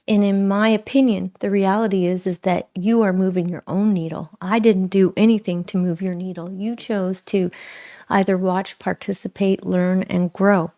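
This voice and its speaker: A middle-aged woman speaking earnestly and reflectively to viewers on a live spiritual talk, with frequent pauses. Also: mid-range voice, fairly even intonation, warm tone. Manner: slow, pausing, earnest and self-reflective. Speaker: spiritual livestream host.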